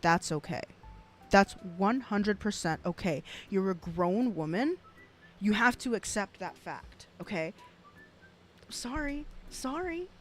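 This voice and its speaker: Young woman streamer with a South Texas accent, blunt and sweary, mid-pitched. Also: unhurried, faint music behind. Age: 20s. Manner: blunt and profane, with laughing asides and rambling restarts. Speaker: streamer reacting to clips. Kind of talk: casual commentary stream.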